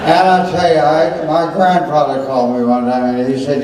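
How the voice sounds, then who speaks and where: Older comedian, booming hall echo. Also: male voice, normal speed, few pauses. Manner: relaxed, with one-liner punchlines and small hesitations. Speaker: stand-up comedian. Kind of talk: stand-up routine. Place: live venue. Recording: echoey hall, distant mic.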